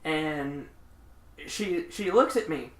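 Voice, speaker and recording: A man hosting a podcast, telling road stories in a lively way and acting out the people in them. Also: a little high, slow. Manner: animated, laughing raconteur who acts out the people in his stories. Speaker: podcast host. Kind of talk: casual storytelling chat. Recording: echoey room.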